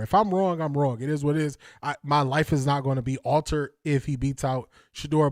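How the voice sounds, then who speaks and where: Lively livestream host, casual and dry. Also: male voice, high voice, no room sound. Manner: animated, slangy, laughs often, talks to chat.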